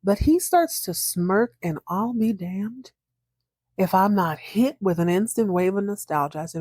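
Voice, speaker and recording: A woman's voice: mid-range voice, sing-song, normal speed, a little mellow, no room sound, studio quality. A woman hosting a podcast, casually recapping a TV episode and playfully acting out the characters' lines. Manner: chatty, acts out characters' lines with playful voices.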